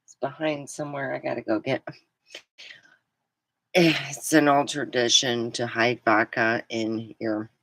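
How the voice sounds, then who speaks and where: A woman's voice: very deep voice, flat delivery, unhurried, pauses often, a bit bright, no echo. A middle-aged woman vlogging, telling a rambling story in a casual, giggly way. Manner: rambling, giggly, breaks into laughter.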